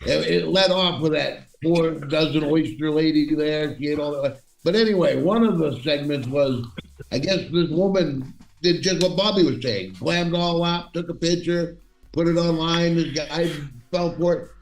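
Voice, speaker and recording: A man's voice: on the high side, moderate pace, vocal fry. A man co-hosting a casual chat, telling rambling anecdotes. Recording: echoey room, distant mic.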